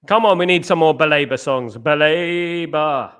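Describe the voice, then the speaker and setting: A man's voice: a little high, normal speed, fairly bright tone, clean tone. Playful man hosting a watchalong. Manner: playful, sings football chant parodies. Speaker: host of a football watchalong stream. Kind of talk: live watchalong chat.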